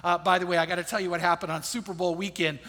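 A man's voice: high voice, level tone, very fast, bright, forceful tone. A man preaching a sermon in a conversational, storytelling way, repeating his key phrases. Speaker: pastor. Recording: long hall reverb.

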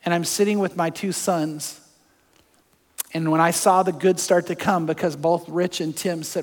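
A pastor preaching a sermon, telling personal stories that move from hushed to fervent. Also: male voice, fairly high pitch, steady tone, normal speed, long reverb tail.

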